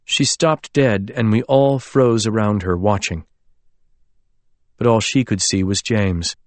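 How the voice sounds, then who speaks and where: A man reading a novel aloud as an audiobook narrator, in a measured, literary storytelling manner. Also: fairly low pitch, dry recording. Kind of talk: scripted narration.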